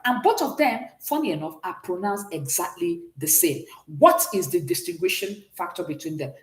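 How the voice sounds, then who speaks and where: A woman teaches a beginners' French lesson, her voice rising and falling as she explains each point. She pauses often to ask whether the students follow. The recording has the echo of a bare room. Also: lowish voice. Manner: explanatory, checks understanding often. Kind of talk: classroom lesson.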